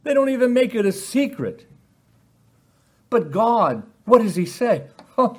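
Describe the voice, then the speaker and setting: A man preaching a sermon, posing rhetorical questions and acting out quoted lines with animated emphasis. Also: very high voice, measured pace, slightly rough.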